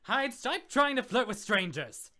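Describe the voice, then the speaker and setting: A prim, fussy young gentleman scientist, voiced by a woman, who is endlessly exasperated. The voice sits low but bright, and he is given to melodrama. Fan voice acting, in character. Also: sing-song, moderate pace, full character voice. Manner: dry, exasperated, mock-dramatic.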